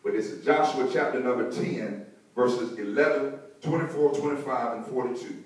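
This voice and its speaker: A man's voice: medium pitch, normal speed, distant mic. A male pastor preaching a sermon in a church, rhythmic and calling for responses from the congregation. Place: church sanctuary. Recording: echoey church hall, mic from afar.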